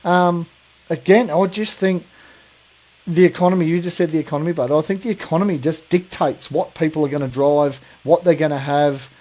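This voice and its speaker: Australian man, forties, blunt and sweary, slightly high voice, mellow tone, dull lo-fi sound. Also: fairly even intonation, fairly quick. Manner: blunt, sweary, calls listener mate and brother. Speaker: podcast co-host. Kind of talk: casual chat.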